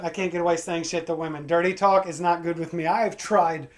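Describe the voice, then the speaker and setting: A man doing a stand-up comedy set, crude and energetic, breaking into acted-out voices for his punchlines. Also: fairly high pitch, fairly quick. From Pacific Northwest of the USA. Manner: crude, energetic joke delivery with acted-out quotes.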